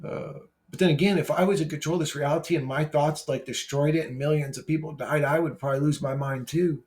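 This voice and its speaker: A man's voice: a little high, steady tone, quick pace, a little mellow. A brash man who swears freely, rambling casually as he replies to viewer comments. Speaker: YouTuber replying to comments.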